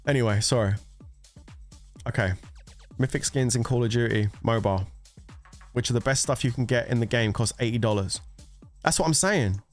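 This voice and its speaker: A man's voice: medium pitch, moderate pace, pauses often, soft background music. A man giving heated, profanity-laced commentary, exasperated and ranting about a mobile game. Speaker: gaming content creator.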